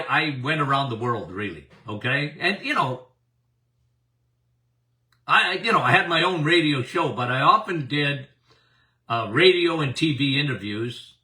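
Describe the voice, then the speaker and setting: Folksy older man with a bright, lively voice. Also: on the high side, recorded from a distance. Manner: folksy, addresses listeners directly. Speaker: doctor and podcast host. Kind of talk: casual health talk.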